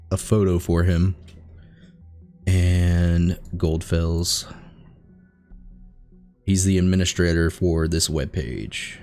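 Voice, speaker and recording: A man's voice: deep voice, darkish tone. A man hosting a let's play, thinking aloud as he reads through on-screen text in a casual commentary style. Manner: musing aloud while reading on-screen text.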